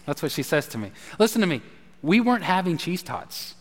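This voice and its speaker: A middle-aged man gives a sermon in a fairly high voice. He talks to the congregation like he's chatting with them and slips in jokes. His voice carries a long reverberation from a large church sanctuary. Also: big pitch swings, fairly quick. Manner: conversational, joking with the congregation. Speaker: pastor.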